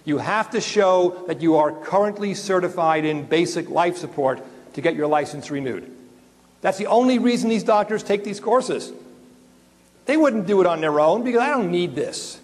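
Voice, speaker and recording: High-pitched guy lecturing dentists, jokey and animated, big echoey hall sound. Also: normal speed. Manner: animated, joking, swears and digresses. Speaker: dental emergency lecturer. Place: lecture room with an audience. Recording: long reverb of a large hall.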